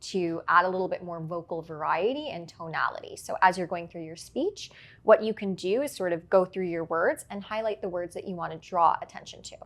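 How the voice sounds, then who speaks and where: A woman working as a public speaking coach, explaining her points clearly in an interview and often checking in with "right?". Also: on the low side, brisk. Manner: articulate, explains with examples and frequent "right?". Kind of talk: instructive interview answers.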